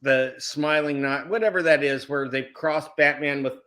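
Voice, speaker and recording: Higher-voiced man telling animated stories. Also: moderate pace. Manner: animated, acts out quoted people; self-interrupting, repeats words. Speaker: guest on a video chat show. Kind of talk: casual chat, storytelling.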